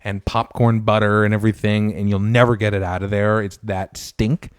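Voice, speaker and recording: Chatty low-voiced Canadian podcast host. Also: male voice, normal speed, smooth, no room sound, clean studio sound. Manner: chatty, relaxed, reads out viewer comments. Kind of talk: casual chat with live chat readers.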